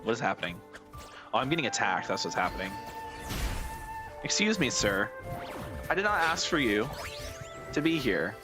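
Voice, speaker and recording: A man with a rough, hoarse voice giving casual gameplay commentary as a streamer, rambling, thinking out loud and swearing a lot. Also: mid-range voice, big pitch swings, moderate pace, long pauses, over music. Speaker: game streamer.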